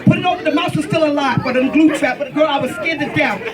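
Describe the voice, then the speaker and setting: High-voiced woman telling a party story. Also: rapid-fire, far from the mic, rough recording. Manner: animated, laughing through the story, acting out the shouting. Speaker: mother giving a farewell toast. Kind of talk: storytelling toast. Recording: loud party crowd around.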